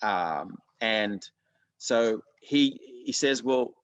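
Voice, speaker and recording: A man's voice: on the low side, expressive, drawn-out words, no echo. Man preaching, dry close sound. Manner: earnest, conversational preaching with many restarts. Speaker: pastor. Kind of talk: sermon.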